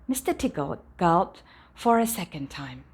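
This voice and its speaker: Woman reading a picture book at bedtime, lively intonation that sinks softly at sentence ends. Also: fairly low pitch, a little slow, breathy edge. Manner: animated storytelling, dropping softly at sentence ends. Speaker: storybook reader. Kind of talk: bedtime storybook read-aloud.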